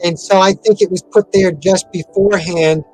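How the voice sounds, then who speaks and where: A man's voice: sits high, fairly even intonation, normal speed, faint music behind, poor audio. A man giving an interview in a casual, rambling way, with many fillers and restarts. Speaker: interview guest.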